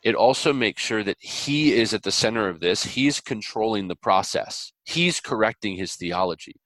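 A man as an interview guest, talking earnestly and animatedly, with lively quoted voices and preacher-like biblical illustrations. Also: on the low side, moderate pace, no room sound. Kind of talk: conversational interview.

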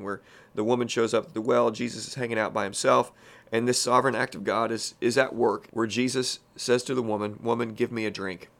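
A man leading a conversational Bible-teaching podcast at a mid-range pitch. He talks in a folksy, plain-spoken way and keeps dropping in casual asides as he walks through the text. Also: vocal fry, fairly bright tone.

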